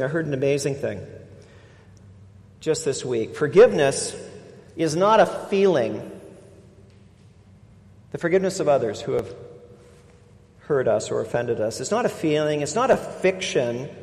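A man delivers a sermon from the pulpit, his voice sitting a little high and pressing hard on key words before sinking into quiet asides. His words ring out with a long reverb, as if filling a large church hall. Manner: emphatic, swings between loud stresses and quiet asides. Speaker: pastor.

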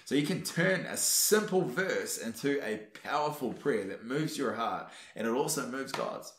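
A man giving an earnest, urging devotional teaching, often pausing on fillers and restarting his sentences. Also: mid-range voice, expressive, fairly bright tone, reverberant, slight background noise. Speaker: Christian teacher.

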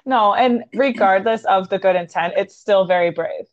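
A woman's voice: mid-range voice, moderate pace, no echo. Encouraging woman host, dull dry sound. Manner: supportive, encouraging, giggly. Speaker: podcast host. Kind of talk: casual interview chat.

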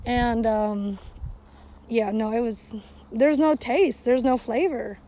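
A podcast host, out walking her dog beside a cow pasture, airs bitter, profanity-laden grievances to herself and her listeners, breaking off now and then to scold the dog. She talks slowly in a slightly high, mellow voice, with a little background noise.

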